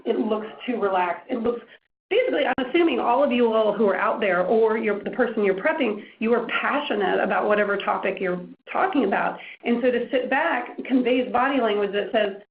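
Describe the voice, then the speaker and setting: A woman presenting a media training workshop, demonstrating how to use pause, pitch, pace and projection. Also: a little hiss or hum. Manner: animated, demonstrating voice techniques. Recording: echoey room, lo-fi phone-like sound.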